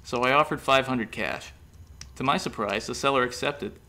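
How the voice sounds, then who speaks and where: A careless young schemer with an offhand, shrugging delivery, as a male storyteller puts him on. The voice is gravelly and stays casual. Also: mid-range voice, normal speed, bright, forceful tone. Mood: nonchalant.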